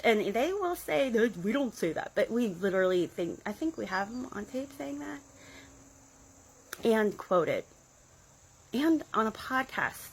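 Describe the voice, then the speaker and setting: A woman's voice: mid-range voice, very animated, measured pace, a bit bright, husky, rough recording. A woman in her forties telling a rambling, sardonic story to the camera, with frequent laughs and side remarks. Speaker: vlogger recounting her past in a cult. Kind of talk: casual storytelling monologue.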